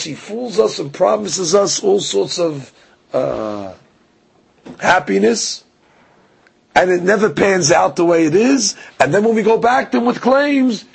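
A man with a gravelly, raspy voice that sits a little high for a man delivers a Torah lecture. He tells the story with animation and slips into the voices of the people he quotes. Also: rough recording. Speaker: Torah teacher. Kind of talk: religious lecture.

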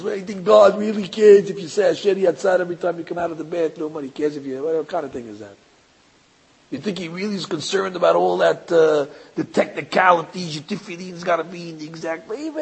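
A man's voice: high voice, animated, fairly quick, gravelly, slightly rough, rough recording. A man, a rabbi giving a religious lecture, talking emphatically and rhetorically, stammering into restarts and acting out other people's voices. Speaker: rabbi teaching a class.

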